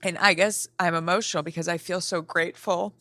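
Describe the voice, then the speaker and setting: A woman hosting a podcast interview, talking warmly and openly with her guest. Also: fairly low pitch, fairly even intonation, quick pace, no echo. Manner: warm, openly emotional. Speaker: podcast host. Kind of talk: casual interview.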